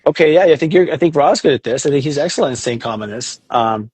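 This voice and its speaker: A man with a fairly high voice talks in an animated, casual way, often slipping into quoted inner voices and the odd swear word. The sound is dry and close, with no room echo. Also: fast, breathy edge. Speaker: astrologer guest. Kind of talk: casual podcast chat.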